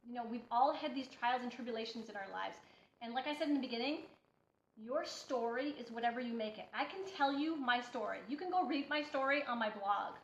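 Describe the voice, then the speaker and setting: A woman's voice: fairly high pitch, a little fast, a little hiss or hum. Blunt, preachy woman in an echoey room. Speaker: healthy-eating coach. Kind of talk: motivational talk to camera. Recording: echoey room, dull lo-fi sound.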